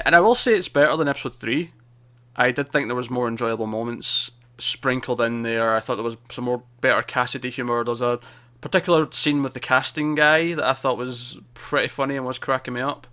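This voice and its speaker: A man co-hosts a casual TV review podcast, rambling and restarting his sentences, cutting himself off with repeated words. His voice is medium-pitched, bright and pushed, and he talks a little fast.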